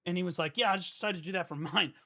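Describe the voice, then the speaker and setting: A man streaming live in a casual, profane rant, jumping from loud outbursts to low mutters. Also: rapid-fire, vocal fry.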